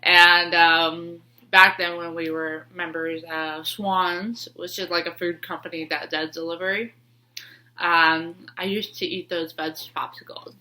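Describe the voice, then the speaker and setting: A woman's voice: fairly low pitch, level tone, a little slow, pushed and bright. A woman with a stuffy nose from sneezing, telling a personal story in a rambling way with lots of fillers and restarts. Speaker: vlogger.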